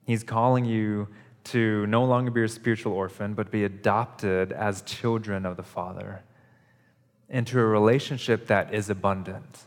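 A man with a fairly low voice preaches a Sunday sermon in an earnest, conversational way, building his points through repeated phrases. His voice carries a long reverb from the church hall around him. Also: fairly even intonation, normal speed. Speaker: pastor. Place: church service.

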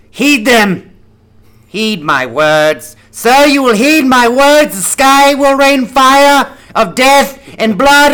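A man voicing an overacting old English villain who issues slow, booming threats in a put-on English accent. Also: fairly bright tone, clean tone, exaggerated voice.

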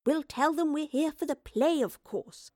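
A woman's voice: high voice, measured pace, mellow, no room sound, studio quality, pitched above the performer's own voice. A woman voicing a cheerful, confident eccentric professor who talks in a chirpy, breezy way.

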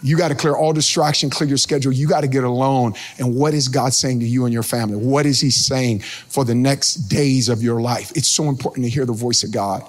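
A man preaching a sermon as pastor, animated, breaking into sing-song shouts and calling out to the congregation. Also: mid-range voice, brisk, few pauses. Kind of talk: energetic sermon.

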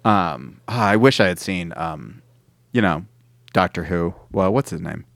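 A man's voice: low-pitched, lively intonation, measured pace, creaky, no echo, clean studio sound. Rambling man on a casual podcast. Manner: rambling, many fillers and restarts. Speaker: podcast co-host. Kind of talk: casual chat.

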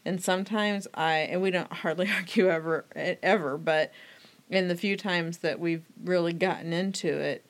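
A woman's voice: fairly low pitch, fairly even intonation, moderate pace. Reflective woman co-hosting a faith podcast. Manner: reflective, confessional. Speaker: podcast co-host. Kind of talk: casual faith podcast chat.

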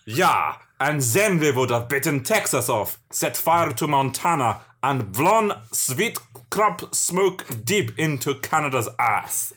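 A scheming comic villain rants about his foiled plans with melodramatic flourish. The delivery rises and falls in lively arcs, as a man puts him on. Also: fairly high pitch, takes it slowly, heavily acted. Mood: villainous.

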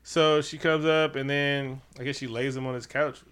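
A man co-hosting a casual chat, recapping a movie scene by scene in a profane, animated way and acting out the characters. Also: medium pitch, normal speed, smooth. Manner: animated, profane, acts out characters while retelling. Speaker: podcast co-host.

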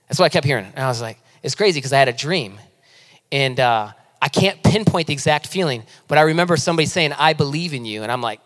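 A man in his thirties preaching a sermon as a pastor, impassioned, swinging between loud urgent pleading and low, intimate asides. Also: lively intonation, fast. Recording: long hall reverb.

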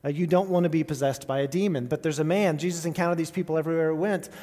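A man's voice: on the high side, fairly even intonation, racing, warm tone. A man preaching in a conversational, lightly raised voice, throwing questions out to the congregation and restarting his phrases as he goes. His words ring out with a long reverb from a church hall. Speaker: pastor. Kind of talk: sermon.

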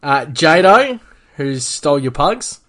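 Sweary Australian guy with an animated voice. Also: fairly high pitch. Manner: sweary, quick to laugh. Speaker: podcast co-host. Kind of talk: casual banter.

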